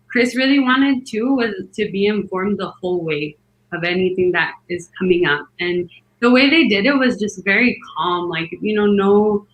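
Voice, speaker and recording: A woman's voice: mid-range voice, fairly bright tone, reverberant, poor audio. A woman casually telling a long personal story, rambling and filling it with "like" as she acts out what others said. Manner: rambling, many "like" fillers, acts out quotes. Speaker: podcast guest telling her birth story.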